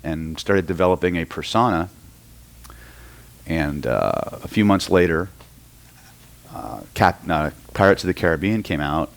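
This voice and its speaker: A middle-aged man from Oklahoma teaching a live seminar on hypnosis, telling stories and often checking in with the audience. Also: sits low. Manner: storytelling, keeps checking in with the room. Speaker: hypnosis and NLP trainer.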